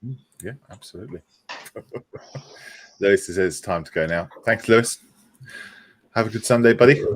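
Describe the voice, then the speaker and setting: A man's voice: on the low side, normal speed. A man hosting a casual model-making livestream, chatting, laughing and reading out viewer comments. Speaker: livestream host.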